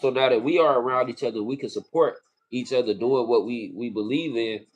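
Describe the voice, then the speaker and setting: A man's voice: mid-range voice, brisk. A man from California co-hosting a casual livestream, talking earnestly and often repeating phrases. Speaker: livestream co-host.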